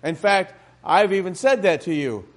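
A man's voice: high-pitched, expressive, moderate pace. A man pastor preaching a sermon in a church, talking to the congregation with frequent rhetorical questions.

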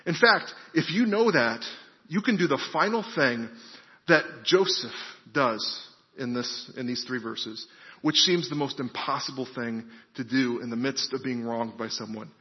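A man's voice: mid-range voice, unhurried, long reverb tail, highs cut off. A man preaching a sermon who keeps asking his listeners questions and repeating phrases for emphasis. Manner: preaching with rhetorical questions and repetition. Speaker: pastor.

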